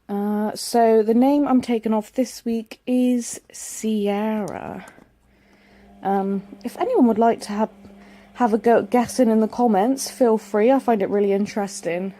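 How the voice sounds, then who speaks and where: Talking to camera indoors with the washing machine running, a heavily pregnant young woman vlogs in a chatty, self-mocking way. Her fairly high voice is steady, mellow and a little slow.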